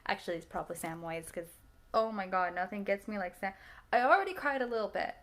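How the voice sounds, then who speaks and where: A woman's voice: mid-range voice, animated, fast, fairly bright tone. Rambling, giggly young woman. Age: 20s. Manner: chatty, laughs often, restarts and repeats herself. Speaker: vlogger reacting to films. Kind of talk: casual rambling chat.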